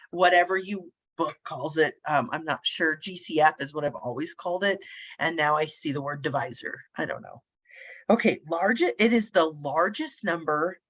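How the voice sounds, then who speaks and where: A woman math instructor working problems aloud in a casual, sleepy lecture, thinking out loud as she goes. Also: lowish voice. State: sleepy, yawning.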